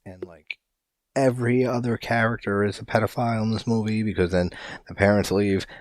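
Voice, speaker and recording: A low-voiced young man hosts a podcast and reviews a movie in a casual, rambling monologue. He leans on "like" constantly and swears freely. The sound is dry and close, with no room around it. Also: fairly even intonation, brisk, no echo. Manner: loose, rambling, heavy use of "like", casual swearing. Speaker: podcast host.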